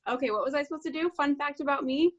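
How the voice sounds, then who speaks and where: A woman's voice: sits high, racing, highs cut off. A woman guest in a casual reunion chat, emotional and giggly, rambling as she speaks. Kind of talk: casual group video chat.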